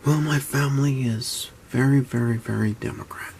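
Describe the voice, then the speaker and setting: A man in his early twenties, talking low and often whispering in a halting vlog at home, with many restarts. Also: vocal fry, darkish tone, slight background noise. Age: 20s. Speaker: YouTuber. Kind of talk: hushed vlog talk. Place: at home, indoors.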